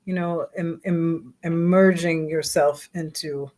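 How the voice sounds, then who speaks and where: A woman's voice: deep voice, steady tone, slow pace, darkish tone. A woman from the Bahamas in casual conversation, her Bahamian accent faint and mostly American-sounding, talking at length with frequent restarts. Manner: talkative, many restarts, breaks into bits of song and accents. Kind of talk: casual chat.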